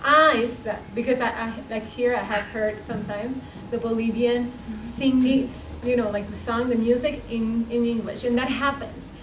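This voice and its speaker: A woman with a Spanish accent, whose first language is Spanish, talks haltingly and searches for her words. Her voice is fairly high, and she is caught from far away in an echoey room over clear background noise. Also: fairly even intonation. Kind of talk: casual group discussion. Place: school meeting room. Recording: distant, echoey, noisy room.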